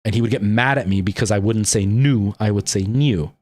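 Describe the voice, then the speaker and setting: A man's voice: on the low side, steady tone, fast, a little mellow. A man in his thirties with a Canadian accent, chatting casually and rambling to his livestream viewers, with lots of ums and restarts. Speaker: streamer.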